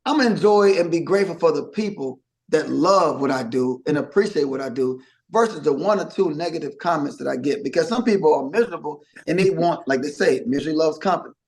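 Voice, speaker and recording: Man, middle-aged, slightly raised pitch, casual rambling interview talk, lots of restarts, lively quoted asides. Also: quick pace, hardly any pauses. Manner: rambling, animated, with many restarts and put-on quotes. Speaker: singer, interview guest.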